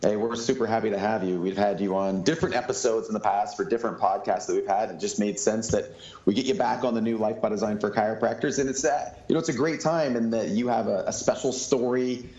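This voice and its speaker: A low-voiced man hosts a podcast interview in a friendly, conversational tone. His voice carries a roomy echo. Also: fast, darkish tone, highs cut off. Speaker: podcast host.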